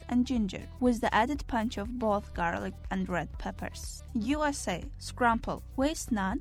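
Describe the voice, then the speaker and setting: A woman hosting a video, reading a scripted list with chatty, playful asides to the viewer. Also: on the high side. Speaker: video host. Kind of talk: scripted narration of a listicle video. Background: background music.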